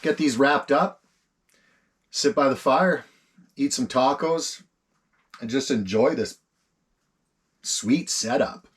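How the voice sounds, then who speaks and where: A man filming a relaxed camp cooking vlog inside an ice fishing tent, savoring his food and talking with his mouth full. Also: mid-range voice, slow pace, long pauses, husky. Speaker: outdoor vlogger.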